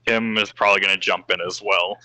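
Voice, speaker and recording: Male player, very deep voice, sharp bright edge, offhand. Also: steady tone, a little fast, dry recording. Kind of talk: casual tabletop play.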